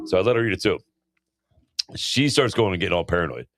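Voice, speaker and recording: A man in casual podcast chat, telling a crude story with a lively voice that swings high and low. He acts out quoted lines in a raised voice and swears freely. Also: very fast, no room sound, soft background music. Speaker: podcast co-host.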